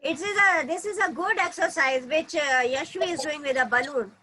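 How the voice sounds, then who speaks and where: A woman with an Indian accent teaching an online class to small children, speaking slowly and simply and coaxing them along. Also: high-pitched, bright, forceful tone, a little hiss or hum, rough recording. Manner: slow, simple coaxing speech to toddlers.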